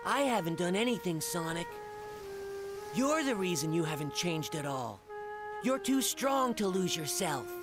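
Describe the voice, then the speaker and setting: A woman voicing a gentle, earnest young female genie in a game cutscene, speaking softly and reassuringly. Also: lowish voice, very animated, measured pace. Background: game music.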